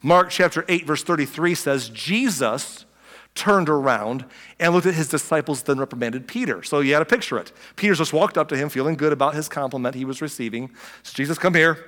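A man preaching a sermon, animated and storytelling, acting out the people in the story and chuckling now and then. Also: fairly high pitch, fairly quick. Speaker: pastor. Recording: long hall reverb.

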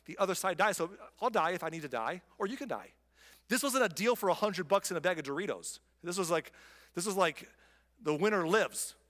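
A man preaching a sermon, telling the story with animated energy and acting out the people he quotes. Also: a little fast, long reverb tail. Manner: animated storytelling, voices quoted figures with rising pitch. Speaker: pastor.

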